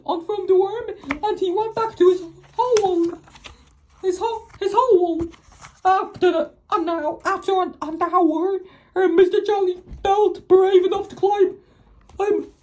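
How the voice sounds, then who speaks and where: An AI-generated voice narrating a children's storybook, halting often and restarting words. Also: extremely high pitch, steady tone, a little mellow. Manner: halting, with many restarts and stumbles. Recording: dull lo-fi AI voice audio.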